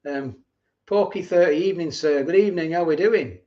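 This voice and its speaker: Middle-aged man, fairly high voice, rambling casual chat, dull lo-fi stream sound. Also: fairly quick, mellow. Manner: rambling, repeats himself, chuckles often. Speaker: livestream host. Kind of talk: casual live chat reading viewer comments.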